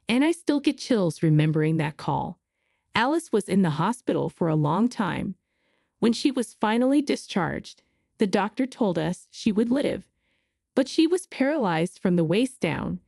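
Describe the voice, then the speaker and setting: A woman narrating a first-person story in an earnest, expressive way. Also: mid-range voice, measured pace, creaky, no echo, studio quality.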